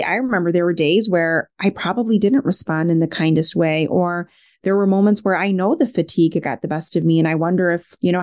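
A woman's voice: fairly low pitch, darkish tone. A middle-aged woman speaking as a parenting expert guest in a podcast interview, candid and reflective, often saying "like". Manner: reflective, candid, many filler "like"s.

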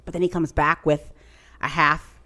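Woman, low voice, rambling chatty storyteller, podcast recap. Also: moderate pace. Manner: rambling, animated storytelling with many "like" fillers. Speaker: podcast co-host recapping a TV show. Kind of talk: casual chat.

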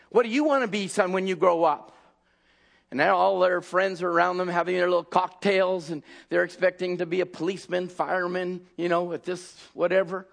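A man preaching an impassioned sermon, acting out scenes and shouting at the peaks. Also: high-pitched, gravelly.

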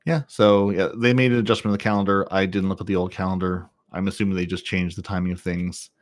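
Fast-talking teasing podcast host. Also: male voice, deep voice, little pitch movement. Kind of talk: casual gaming podcast chat.

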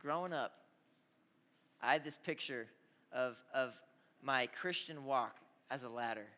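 A young man preaching a youth sermon, telling stories with lively asides and calling out to the audience. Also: on the high side. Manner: energetic storytelling with audience call-outs. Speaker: youth pastor. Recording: hall reverb.

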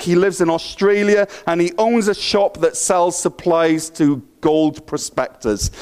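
A man preaching a sermon in an energetic, playful, conversational way. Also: high voice, smooth. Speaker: pastor.

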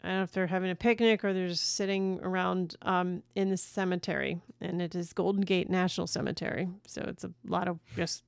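A woman co-hosting a casual film discussion, relaxed and agreeable, laughing along. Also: lowish voice, fairly quick, creaky, few pauses, clear, resonant tone, no echo, studio quality. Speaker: podcast co-host.

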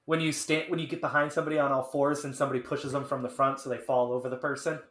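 A man's voice: mid-range voice, level tone, very fast, a bit bright, reverberant. A man playing a tabletop game, joking and giggling with the table. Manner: giggly, playful. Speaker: player. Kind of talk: casual tabletop play.

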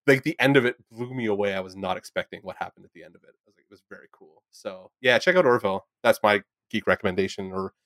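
A young man chats on a podcast at a rapid clip, rambling excitedly and swearing as he goes. His voice sits dry and close with no room around it. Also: lowish voice, dry recording. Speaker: podcast co-host. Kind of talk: casual podcast chat.

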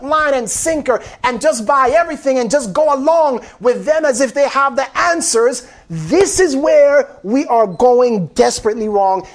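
A man preaching an impassioned sermon, repeating phrases and calling his listeners beloved. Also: very high-pitched. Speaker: pastor.

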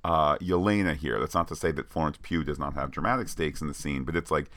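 A man's voice: rumbling low, fast, a bit bright, no echo. A man co-hosting a podcast, talking in a chatty, playful way with plenty of filler words. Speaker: podcast co-host. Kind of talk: casual chat.

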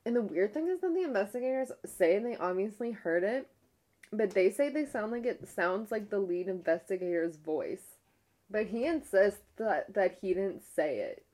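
A woman's voice: medium pitch, normal speed. A young woman casually retelling a ghost-hunting episode. She uses "like" constantly and often restarts her sentences. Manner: rambling, heavy use of "like", frequent restarts; retells a ghost-hunt episode with a hushed, animated tone. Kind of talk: casual storytelling.

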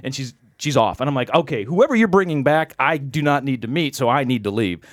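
A man telling a long anecdote on a podcast, animated and acting out the other people's voices. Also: medium pitch, a little fast, no echo, clean studio sound. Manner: animated, acts out quoted voices. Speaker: podcast guest. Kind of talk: storytelling anecdote.

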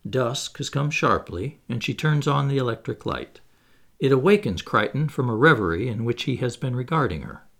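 A man reading a stage play aloud, giving the stage directions in an expressive, theatrical way. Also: mid-range voice, moderate pace, vocal fry. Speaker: reader.

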